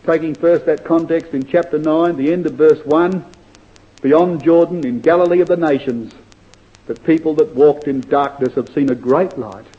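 The recording is rough as a man delivers a sermon, his voice high and mellow. Earnest and emphatic, he drags out each quoted verse for weight, and his loudness rises and falls dramatically, at moments sinking to near-silence.

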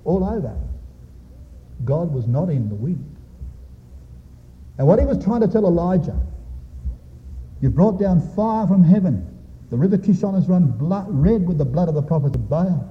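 A man preaching a sermon in a dramatic, swooping delivery, stretching out key phrases slowly for emphasis. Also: a little high, expressive. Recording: dull lo-fi sound with long hall reverb.

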